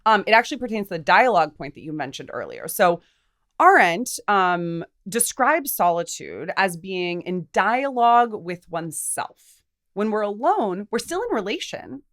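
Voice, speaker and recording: A young adult woman co-hosting a podcast, talking through philosophy in a lively, thoughtful way with casual fillers. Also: mid-range voice, normal speed. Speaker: podcast co-host.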